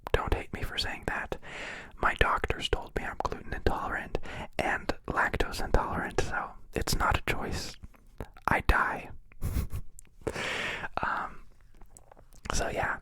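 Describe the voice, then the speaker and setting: A young man chatting in a soft whisper on an ASMR live stream, rambling and joking as he answers viewers' questions. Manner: rambling, jokey, confessional.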